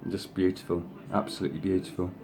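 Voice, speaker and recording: A low, flat-voiced man hosting a craft channel talks fast over music, gushing about his design samples in a casual show-and-tell. He's an effusive rambler full of "you know"s who coaxes his pet in a higher voice. He's an adult, and his sister is past thirty.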